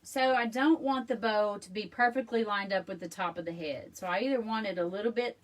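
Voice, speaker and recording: A woman's voice: medium pitch, fairly quick, distant mic. Chatty woman, a bit off-mic. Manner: chatty and self-deprecating, laughs often, addresses viewers as y'all. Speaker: crafting video host. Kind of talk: casual craft tutorial chat. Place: home craft room, indoors.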